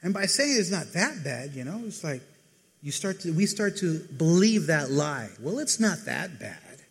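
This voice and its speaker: A man preaching a casual sermon, talking conversationally to the congregation and acting out people's lines in quick asides. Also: on the high side, sing-song, husky. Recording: reverberant hall.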